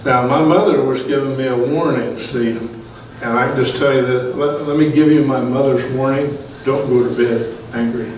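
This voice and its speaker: A man giving his testimony as a Bible study teacher, preaching casually with fillers and soft chuckles. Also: medium pitch, fairly even intonation, normal speed, slight background noise. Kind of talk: testimony sermon. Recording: echoey room, mic set far off.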